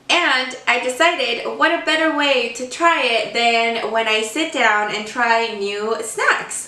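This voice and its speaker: A young woman with a high, bright voice chats her way through a snack-tasting vlog, easily excited and gushing over what she tries. She talks slowly and sits a bit back from the mic in a roomy space. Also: far from the mic. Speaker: vlogger. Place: room at home.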